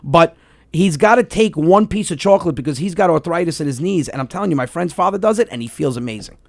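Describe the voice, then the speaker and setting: A man, hosting a comedic podcast and rambling in an animated way, repeating words when excited. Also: a little high, fast, vocal fry, dry recording. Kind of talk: casual comedic chat with a caller.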